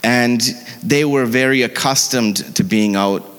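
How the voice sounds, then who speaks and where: A man's voice: mid-range voice, measured pace, fairly bright tone, clean tone. A man giving a conversational sermon, with frequent fillers and self-corrections. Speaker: preacher. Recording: long church hall reverb.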